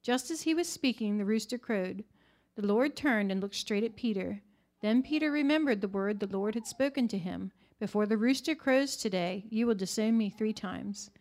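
A woman reading a scripture passage aloud to a congregation, slow and measured. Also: medium pitch, a little mellow. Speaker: scripture reader.

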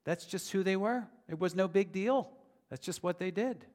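A man's voice: high-pitched, moderate pace, a little mellow. A man preaching a sermon in an earnest, conversational way that builds to emphatic declarations. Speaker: pastor. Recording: long reverb of a large hall.

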